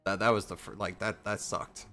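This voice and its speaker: A man's voice: on the low side, little pitch movement, normal speed, pushed and bright, soft background music. A man streaming a game, talking casually in a rambling, profane way with many restarts. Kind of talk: casual rambling chat while gaming.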